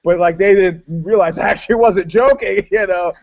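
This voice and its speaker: A man spins long stories in casual podcast chat. He is lively and quick to laugh, and his voice sits a little high. The recording sounds dull and lo-fi. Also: creaky. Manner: animated, laughing storyteller. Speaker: podcast co-host.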